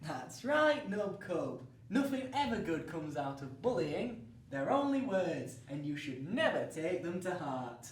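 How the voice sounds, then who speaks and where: A man's voice: fairly high pitch, sing-song, unhurried, few pauses. A man hosting a comic children's story show, narrating in a cheery, exaggerated storybook way. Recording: roomy, distant mic with faint noise.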